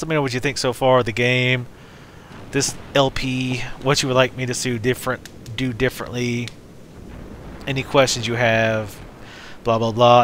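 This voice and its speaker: Bright-voiced man doing gameplay commentary. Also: medium pitch, slight background noise. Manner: rambling, jokey, talks while playing. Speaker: let's play host.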